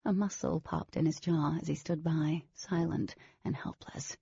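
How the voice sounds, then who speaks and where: A woman's voice: low voice, steady tone, a little slow, creaky, dark tone, husky, dry recording, muffled recording, full character voice. A woman narrating a novel as a wary teenage girl, in scripted audiobook style.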